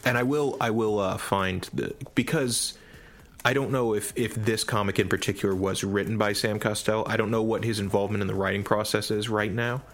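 A man co-hosting a podcast in casual chat, retelling a story with animated enthusiasm. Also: on the low side, brisk. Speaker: podcast co-host.

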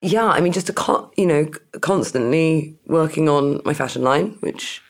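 A woman's voice: low voice, normal speed. A woman being interviewed, chatting casually and self-deprecatingly and laughing often. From Britain. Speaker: interview guest.

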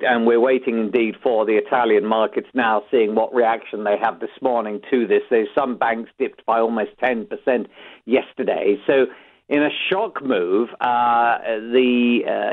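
British man on a tinny phone line. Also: mid-range voice. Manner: measured reporting with frequent fillers. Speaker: UK correspondent. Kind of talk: news correspondent phone report.

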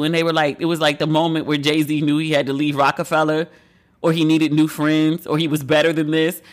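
A woman host in casual chat, telling candid, profane stories with playful acted asides. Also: sits low. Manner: candid, profane, gossipy storytelling.

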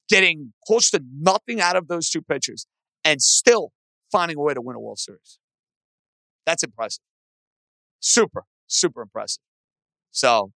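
A man hosting a sports podcast, ranting with animated opinions about teams and trades. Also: gravelly, dry recording. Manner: animated, aggravated rants with rising pitch. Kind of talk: opinionated sports talk monologue.

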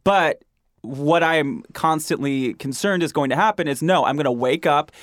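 A podcast host from Michigan with a Midwestern accent, talking casually, laughing often and using many fillers. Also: male voice, fairly high pitch, moderate pace, fairly bright tone, dry recording. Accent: Midwestern American. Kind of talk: casual chat.

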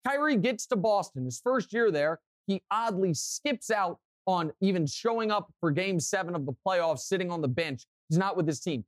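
A young man co-hosting a sports podcast, telling stories and giving strong opinions in an animated way. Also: sits high, moderate pace, hardly any pauses, no echo, studio quality. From Kansas City, US. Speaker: podcast co-host. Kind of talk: casual sports talk.

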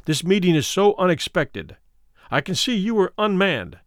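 A man doing a smooth, placating older doctor. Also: high voice, very animated, no room sound, studio quality. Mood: placating, hurried. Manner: hurried, placating and falsely cordial. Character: wealthy, smooth-talking older male London physician, nervously polite. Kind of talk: audiobook reading of a classic story.

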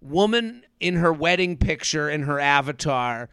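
A man co-hosting a chatty podcast, his voice bright and crisp and a touch high for a man. He talks in quick, animated bursts and breaks into flat mock voices when quoting people. The sound is close and dry. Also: no room sound. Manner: animated, quick asides, acts out quotes in a flat robot voice. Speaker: podcast co-host. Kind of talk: casual chat recapping a reality show.

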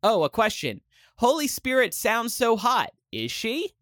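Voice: mid-range voice, wildly swooping pitch, a little slow, a bit bright, dry recording, studio quality. A performer playing Jesus on a comedy podcast, chipper, and reading out listener questions. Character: Jesus, a chipper male savior.

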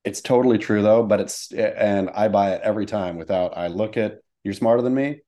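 Playful guy cohost, low voice, kinda dark tone, laughs a lot. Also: steady tone, brisk. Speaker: podcast co-host. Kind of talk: casual chat.

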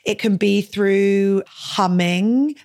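A woman's voice: medium pitch, extremely slow, darkish tone. A young adult woman hosting a podcast in casual chat. She talks chattily, filling her speech with "like" and swearing freely. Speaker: podcast host.

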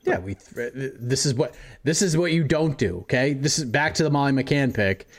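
A man co-hosting a casual sports talk show, reading through listener picks and adding quick comments. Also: medium pitch, lively intonation. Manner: reads lists of matchups, chuckles often. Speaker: podcast co-host.

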